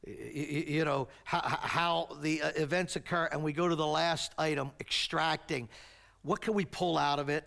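A man preaching a sermon, telling a story and acting out the shouting voices in it. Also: fairly high pitch, gravelly. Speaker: pastor.

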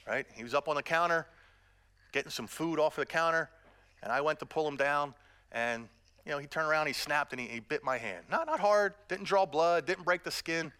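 A man's voice: a little high, pushed and bright. A middle-aged man preaching a sermon as pastor, earnest and direct with the congregation, mixing in self-deprecating humor.

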